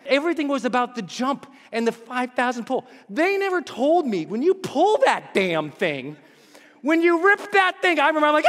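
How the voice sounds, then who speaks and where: A man giving a motivational keynote, telling a story with energy and acting out voices and screams. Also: very high-pitched. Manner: animated, acts out voices and screams. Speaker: motivational speaker. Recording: live hall reverb, faint noise.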